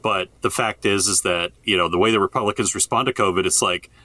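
A man co-hosting a casual political chat who laughs easily and chimes in with quick agreement. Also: low-pitched, sharp tone, no room sound. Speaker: podcast co-host.

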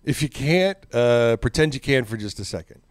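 Man, mid pitch, casual podcast chat, sardonic, profane, dry close sound. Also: lively intonation, moderate pace, dry recording. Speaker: podcast host.

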